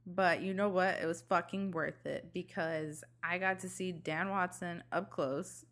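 A young woman co-hosting a podcast, chatting in a relaxed way. She tells stories with rising excitement and swears freely. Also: on the low side, a little slow. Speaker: podcast co-host. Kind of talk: casual chat.

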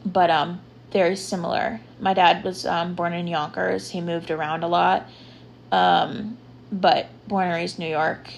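Young woman host, slow and chatty, filler-heavy solo talk, light noise behind. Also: on the low side, steady tone, creaky. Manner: chatty, rambling, lots of ums and likes. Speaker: podcast host. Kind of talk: casual solo podcast talk.

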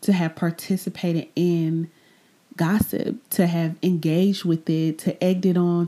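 Podcast host, woman with a warm, lowish voice; confessional, unhurried, drifts to near-whispers. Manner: candid, reflective, drifting into soft breathy asides; repeats phrases, trails off into pauses. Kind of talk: personal faith podcast monologue.

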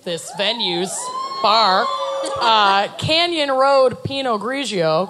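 A woman co-hosting a podcast live on stage, bantering loudly, laughing and swearing in front of an audience. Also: fairly high pitch, lively intonation, takes it slowly. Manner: loud, laughing, joking and swearing. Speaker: podcast co-host. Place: live show venue with audience. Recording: loud crowd noise from live audience.

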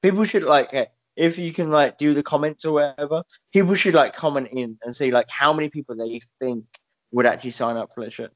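Rambling, sweary podcast co-host. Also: male voice, on the high side, fairly quick. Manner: rambling, sweary, many fillers. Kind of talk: casual chat. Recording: dull lo-fi podcast mic.

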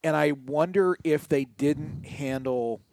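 A middle-aged man co-hosting a podcast, chatting casually about sports and telling stories with drawn-out, emphatic words. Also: fairly high pitch, a little hiss or hum. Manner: animated storyteller, stretches key words. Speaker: podcast co-host.

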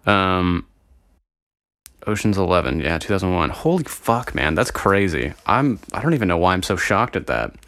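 A young man with a low voice talks loosely and profanely to his viewers, wandering off on tangents. The sound is dry and close, with no room around him. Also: animated, moderate pace, a bit bright, no echo. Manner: rambling, profane, easily sidetracked. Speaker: vlogger. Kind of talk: casual solo chat to viewers.

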